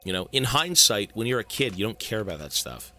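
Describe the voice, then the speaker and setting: Rambling, profane male streamer with a bright voice. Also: on the low side, sing-song, fairly quick, faint music behind. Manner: rambling, profane, talks to chat. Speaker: game streamer. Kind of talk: casual live-stream chat.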